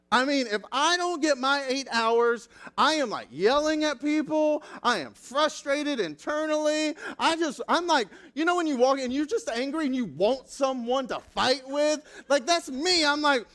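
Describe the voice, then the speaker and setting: A man's voice: very high-pitched, expressive, moderate pace, a bit bright. A man in his thirties preaching a casual sermon, chatty and self-deprecating, full of fillers and personal stories. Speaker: pastor.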